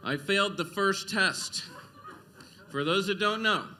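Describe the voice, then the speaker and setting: A man doing a stand-up comedy set on a club stage, delivering deadpan one-liners. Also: sits high, measured pace.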